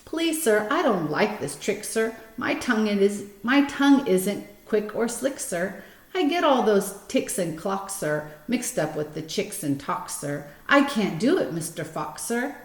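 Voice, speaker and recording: A woman's voice: medium pitch, sing-song, a little slow, voice pushed up. A woman voicing a flustered, whiny man in a storybook who pleads that he cannot do the trick. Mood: pleading. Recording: roomy echo.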